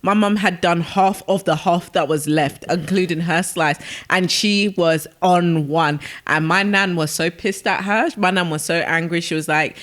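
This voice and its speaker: A woman, co-hosting a podcast and telling lively stories in casual, slangy chat. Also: lowish voice, a little slow. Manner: animated storyteller with slang, many restarts. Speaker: podcast co-host.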